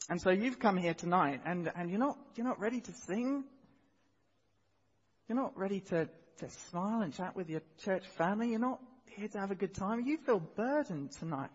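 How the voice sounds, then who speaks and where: Preacher, male, earnest, repeats key lines, slightly husky, long hall echo, muffled recording. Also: high-pitched, expressive, moderate pace. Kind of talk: sermon. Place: church hall. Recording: dull sound with long hall reverb.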